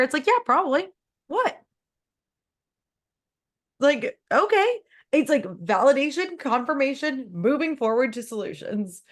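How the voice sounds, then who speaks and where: A woman business coach on a coaching call, talking fast and emphatically and acting out her own thoughts in lively bursts. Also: fairly high pitch.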